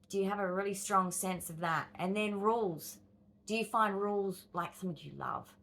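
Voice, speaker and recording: A woman's voice: mid-range voice, animated, fairly quick, a bit bright, slight background noise. An Australian woman in her fifties vlogging, talking straight to her viewers and acting out inner voices with exclamations and sighs. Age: 50s. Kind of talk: direct-to-camera vlog monologue.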